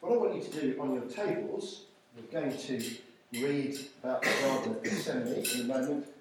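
A man preaching an informal sermon, reading scripture slowly and deliberately. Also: mid-range voice. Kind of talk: informal sermon at a church evening meal. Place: large echoey church hall. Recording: very echoey hall, voice from far off, faint noise.

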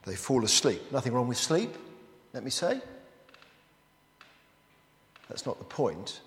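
A man's voice: mid-range voice, sing-song, takes it slowly, fairly bright tone. A man preaching a sermon as he works through a Bible passage, often turning statements into rhetorical questions to the listeners. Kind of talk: expository sermon. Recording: echoey hall with long reverb.

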